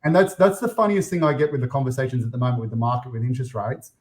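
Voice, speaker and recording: An Australian man hosting a casual property investing podcast, chatty and quick to act out what his clients say. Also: mid-range voice, darkish tone. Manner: chatty, acts out clients' voices.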